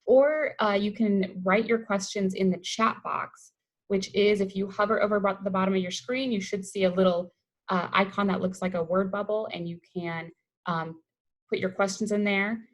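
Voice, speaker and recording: A woman's voice: medium pitch, steady tone, moderate pace, poor audio. A woman from Colorado, a waste-reduction educator, giving an upbeat, conversational webinar presentation over a video call. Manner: upbeat, conversational, enthusiastic about the topic.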